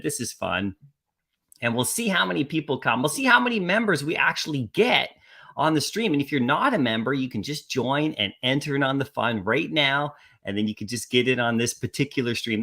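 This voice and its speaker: A man's voice: mid-range voice, vocal fry, fairly bright tone. A man hosting a casual live stream. He talks in an upbeat way and greets viewers one by one by name.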